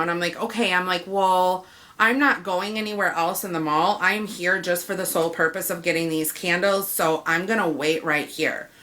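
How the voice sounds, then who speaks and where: A woman's voice: mid-range voice, bright, forceful tone. A woman telling a story about a frustrating shopping trip in a casual rant, acting out the dialogue by quoting herself and the clerks.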